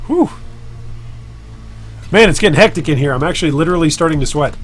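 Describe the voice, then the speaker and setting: A man's voice: on the high side, sing-song, fast, long pauses, soft background music. A man hosting a casual live stream while trading, joking about himself and chatting with viewers. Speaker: gaming streamer and guild leader.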